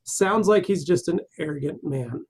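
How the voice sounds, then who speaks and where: A man on a live question-and-answer stream, reading out viewer comments and answering them in a relaxed, rambling way. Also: on the high side, moderate pace, husky.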